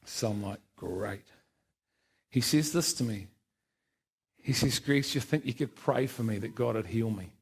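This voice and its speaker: A middle-aged man tells his own story to a church congregation. His pitch sits in the ordinary middle range for a man. He pokes fun at himself, laughs often and acts out the dialogue in his story. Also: normal speed, slightly rough. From New Zealand. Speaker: church speaker giving testimony. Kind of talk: personal testimony in church. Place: church service.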